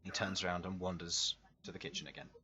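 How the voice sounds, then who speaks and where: A man narrating as game master of a tabletop game, descriptive and unhurried. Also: low-pitched, monotone, sharp tone. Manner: descriptive, unhurried, chuckling between lines. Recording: dull lo-fi sound, faint music.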